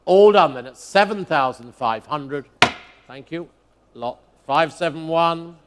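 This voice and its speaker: A man working as an auctioneer, calling bids live in a brisk, rhythmic chant, repeating each figure as he asks for the next. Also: fairly high pitch, heavy background noise. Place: auction hall at a motor museum.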